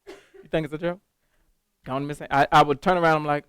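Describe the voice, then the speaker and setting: A man leading a teacher training workshop, lively and animated, quizzing the room with questions as he goes. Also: on the high side, brisk, clean tone, dry recording. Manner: animated, talks to the room with call-and-response questions. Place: classroom.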